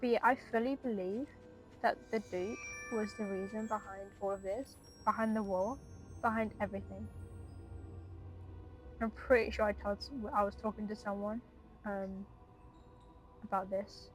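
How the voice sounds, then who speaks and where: A woman's voice: medium pitch, steady tone, normal speed, long pauses, faint music behind. A woman giving casual, emotional commentary on her gameplay and chatting to her viewers. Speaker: gaming video creator.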